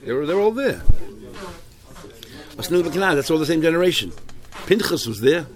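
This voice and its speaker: A man's voice: on the high side, sing-song, a little fast. A man teaching a Talmud class in English, mixing in many Hebrew and Yiddish terms and often restarting his sentences. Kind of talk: Talmud shiur, explaining texts.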